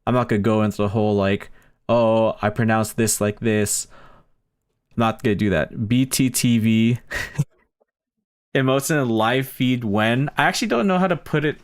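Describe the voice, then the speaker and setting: A man's voice: mid-range voice, normal speed. A young man streamer with a Filipino and Bay Area accent, rambling casually through his plans with lots of ums and restarts. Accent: Filipino and Bay Area blend. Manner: rambling, chatty, many ums and self-corrections. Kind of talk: casual live-stream planning chat.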